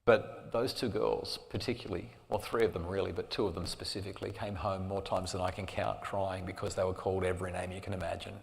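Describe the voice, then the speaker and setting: A man's voice: low voice, little pitch movement, quick pace, gravelly, hardly any pauses. Man telling a story in a hall. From Australia. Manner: earnest, drops to a soft hush at emotional moments. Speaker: parenting speaker. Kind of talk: live storytelling talk. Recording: long reverb of a hall.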